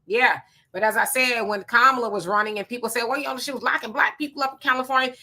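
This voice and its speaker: Woman, live-stream host, casual commentary, reads out viewer comments, bright forceful tone. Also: on the high side, quick pace. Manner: chatty, greets commenters by name, reads comments aloud.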